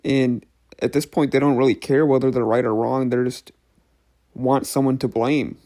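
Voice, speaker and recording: Chill dude talking comics on his channel, easygoing, swears here and there, average pitch. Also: normal speed. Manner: relaxed, chatty, swears casually. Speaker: comic book reviewer. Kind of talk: casual comic recap vlog.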